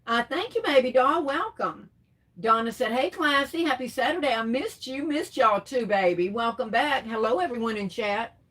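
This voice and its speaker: Lady on a crafts live, kinda high voice, calls everyone baby and darling, chatty. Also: lively intonation, normal speed, breathy edge. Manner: warm terms of endearment, chatty, laughs often. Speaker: livestream crafts host. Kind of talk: casual live chat, reading comments.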